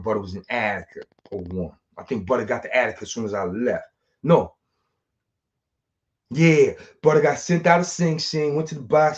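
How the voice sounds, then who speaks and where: New guy reminiscing in street slang, muffled lo-fi audio. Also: mid-range voice. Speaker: street storyteller. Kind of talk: casual storytelling monologue. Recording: dull lo-fi sound.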